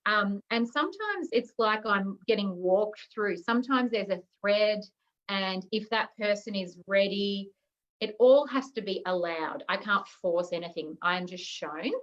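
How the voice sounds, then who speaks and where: A woman naturopath talks about her healing work in a casual interview over a video call. Her voice sits at a middle pitch and comes through dull and lo-fi. She sounds earnest and searching, and pauses often on fillers. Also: expressive. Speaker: guest, naturopath healer.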